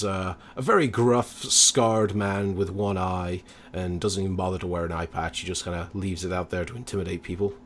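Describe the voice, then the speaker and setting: Relaxed male game master, lowish voice. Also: slight background noise. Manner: relaxed, hesitant with many fillers. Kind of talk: narrating a tabletop game.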